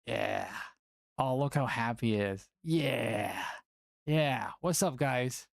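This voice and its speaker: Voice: medium pitch, expressive, slow pace, creaky, no echo. A playful stream host whose voice leaps up and down as they chat and coo. The sound is close and dry, with no room around it. The talk stays loose and casual between tournament updates. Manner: playful, chatty, often cooing at a cat.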